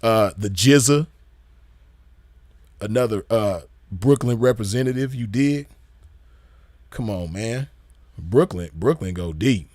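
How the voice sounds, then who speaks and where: A man hosting a gaming channel, chatting casually in an excited, slangy, profane way and repeating himself often. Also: fairly low pitch, slow pace, long pauses, dry recording. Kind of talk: casual chat.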